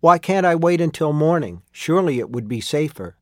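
A man's voice: fairly high pitch, animated, brisk, no room sound, clean studio sound, pitched above the performer's own voice, lightly acted. A man voicing a frightened young traveler who speaks faintly and pleads. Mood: uneasy.

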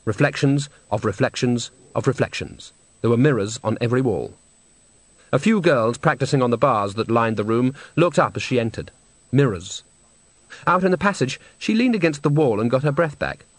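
A man reading a novel aloud with measured, wry storytelling. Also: medium pitch, expressive, dry recording. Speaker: audiobook narrator. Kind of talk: scripted narration. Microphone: close studio mic.

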